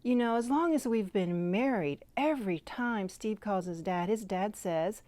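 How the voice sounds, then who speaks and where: A woman tells a personal faith story in an unhurried, deliberate way. Her delivery is earnest and heartfelt, with gentle moments where she sinks into a near-whisper. The recording is close and dry, with no room sound. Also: medium pitch, no room sound. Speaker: Christian devotional speaker.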